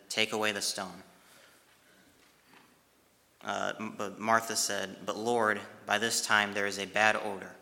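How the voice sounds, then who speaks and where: Guy reading a bible story then reflecting on it, low flat voice, kinda halting, long hall echo. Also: vocal fry. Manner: halting, with frequent pauses and restarts. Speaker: devotional speaker. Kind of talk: scripture retelling and reflection.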